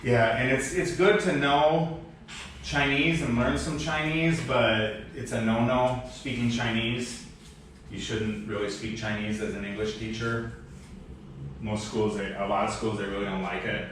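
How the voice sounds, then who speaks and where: A man's voice: mid-range voice, measured pace. Man teaching in an echoey room. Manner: relaxed, rambling, self-deprecating asides. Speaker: English teacher leading new-teacher training. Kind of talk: casual instructional chat. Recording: echoey room, mic far off, faint background noise.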